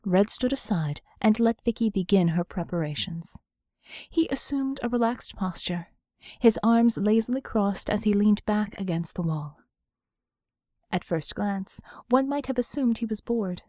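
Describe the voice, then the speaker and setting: Woman narrating a book, steady and even, mid pitch, dry studio sound. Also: unhurried, dry recording. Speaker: audiobook narrator. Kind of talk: scripted narration.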